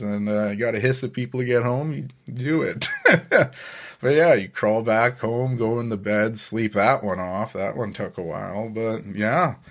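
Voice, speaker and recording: A man hosting a casual solo podcast, telling stories in a laid-back way, often chuckling and swearing casually. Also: mid-range voice. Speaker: podcast host.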